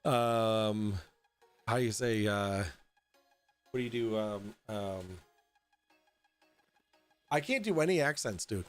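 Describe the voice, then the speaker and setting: A young adult man hosting a casual livestream from home, tipsy, rambling and halting with lots of fillers and swearing. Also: lowish voice, animated, clean tone, soft background music. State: tipsy from drinking. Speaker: host. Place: at home in an apartment.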